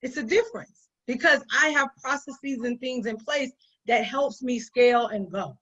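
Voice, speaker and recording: A woman business owner shares conversational advice with emphasis, repeating herself to stress key points. Her high voice is a bit bright with lively intonation and a moderate pace, and the audio is dull and lo-fi.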